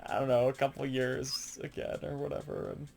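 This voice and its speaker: A gaming channel host rambles casually and excitedly about a favorite game, swearing a lot and laughing often over faint background music. The voice is mid-range with vocal fry, at a normal speed.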